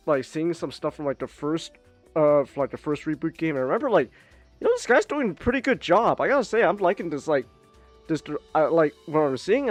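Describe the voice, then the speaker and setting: A man's voice: fairly high pitch, no room sound. Man, streamer, casual chat, rambling, restarts, swearing, faint music behind.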